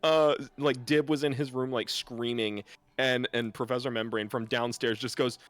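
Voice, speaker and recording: A man's voice: medium pitch, steady tone, normal speed, fairly bright tone. A man guesting on a casual podcast, playful and trading impressions with the host. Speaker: guest voice actor. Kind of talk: casual chat.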